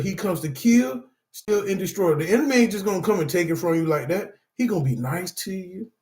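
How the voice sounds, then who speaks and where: With a high, slightly mellow voice in a reverberant room, a middle-aged man gives anger management lessons built on personal testimony. He's emphatic and repetitive, frequently addressing his listeners as "y'all."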